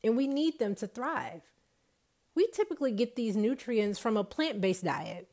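A woman's voice: a little high, expressive, moderate pace, darkish tone. A woman giving an emphatic motivational talk to an audience, repeating her points for effect. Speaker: speaker on nutrition.

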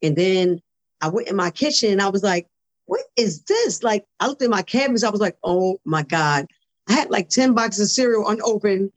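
A woman guest on a podcast, telling her story in a casual, animated way, acting out conversations and repeating words when excited. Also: medium pitch, quick pace.

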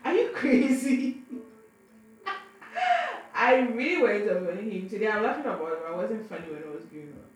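A woman's voice: mid-range voice, expressive, fast talker, few pauses, soft background music. A young adult woman telling a personal story to camera in a casual, frank way, often tripping over and repeating her words. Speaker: vlogger. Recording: very echoey room, faint background noise.

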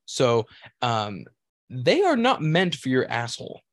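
A man's voice: mid-range voice, huge pitch swings, measured pace, no room sound, studio quality. Crude, rambling man telling a story. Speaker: podcast co-host. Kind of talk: casual podcast chat.

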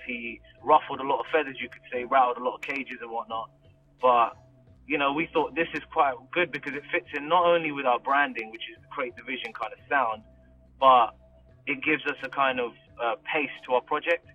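A man's voice: medium pitch, fairly even intonation, a little fast, highs cut off, soft background music. A man from the UK, a rapper guest, chatting casually and laughing easily. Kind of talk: casual interview chat.

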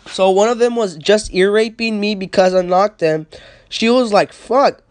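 Speaking at medium pitch and normal speed, a young podcast host goes on a loose, rambling rant, swearing freely and getting worked up while retelling stories with quotes. It's excitable, casual talk recorded on a phone with no proper microphone.

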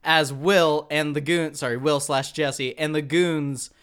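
A man co-hosting a podcast, excitedly retelling a movie plot and swearing casually. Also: on the high side, a little slow, clean tone. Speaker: podcast co-host. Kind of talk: casual movie recap chat.

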